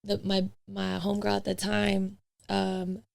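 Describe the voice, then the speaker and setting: A woman's voice: medium pitch, monotone, a little slow, vocal fry, darkish tone. A young woman, a podcast guest, chatting casually and telling her dating stories in a blunt, candid way with some swearing. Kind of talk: casual chat.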